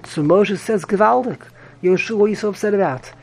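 A man's voice: high-pitched, brisk, gravelly, a little hiss or hum. A man teaching a Talmud class, repeating himself animatedly and mixing English with Hebrew and Yiddish terms.

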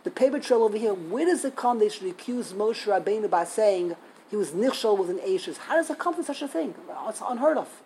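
A woman giving a storytelling Torah lesson, animated, acting out quotes and laughing as she tells it. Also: mid-range voice, brisk, a little hiss or hum, poor audio. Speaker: Torah teacher.

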